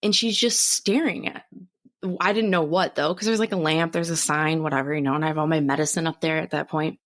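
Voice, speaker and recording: A young adult woman co-hosting a podcast tells a story in casual chat, full of lively energy. Her pitch rises and falls as she acts out each moment, and she swears freely in a relaxed, easygoing way. She talks briskly.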